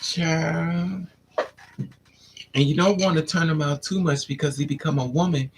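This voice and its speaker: A woman's voice: measured pace, a little hiss or hum. A woman hosting a candid livestream monologue, sassy and blunt, peppering her stories with "honey" and "child" and jumping into dramatic put-on voices. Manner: animated, swings into dramatic high-pitched put-on voices for others. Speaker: livestream host.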